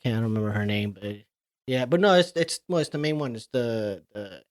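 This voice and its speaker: A man's voice: mid-range voice, lively intonation, moderate pace. A man co-hosting a podcast, chatting casually about horror movies in a profane, joking way. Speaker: podcast co-host. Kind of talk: casual movie review chat.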